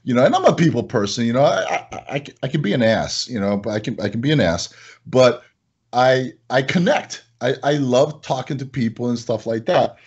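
A middle-aged man, a supplement company owner, telling animated stories in a casual chat and acting out his customers' lines. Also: mid-range voice, moderate pace, breathy edge, lo-fi sound.

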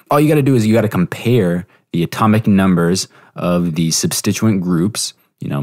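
A young man hosting a podcast, giving a relaxed, explanatory review lesson with fillers and self-corrections. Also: sits low. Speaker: podcast host teaching exam prep. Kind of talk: casual spoken review lesson.

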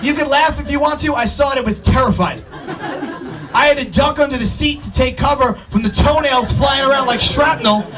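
A high-pitched man with a New York accent rants through a stand-up comedy set with a brash, profane edge. He sounds a bit far from the mic, and a club crowd laughs loudly around him. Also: a little fast, noisy background. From Brooklyn, New York. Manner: brash, profane, ranting delivery. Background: audience laughter.

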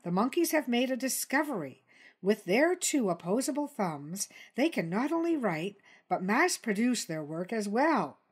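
A woman voicing Dilly, a calm, persistent jungle news creature who presses her points. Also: mid-range voice, slightly rough, voice pushed up.

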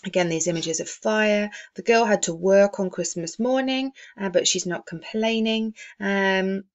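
A woman's voice: mid-range voice, measured pace, muffled recording. A woman teacher explaining a novel in a recorded lesson, with many "um" fillers. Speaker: English teacher.

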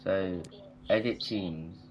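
A man's voice: sits low, slow, highs cut off, a little hiss or hum. A man chatting casually while playing a football video game, rambling and trailing off mid-sentence. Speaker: gamer. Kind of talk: casual gaming chat.

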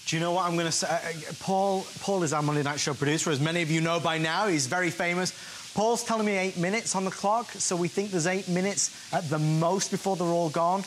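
A man's voice: high-pitched, fairly even intonation, a little fast, fairly bright tone, slight background noise. A man in his thirties hosting a home shopping show, upbeat and pushing urgent sales patter. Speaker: show host.

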